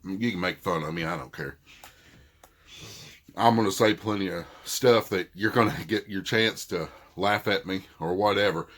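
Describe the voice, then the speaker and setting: Here the middle-aged vlogger's voice is low-pitched and fairly bright, moving at a normal speed. In his thick Southern accent, he casually walks through a dispute and quotes both sides.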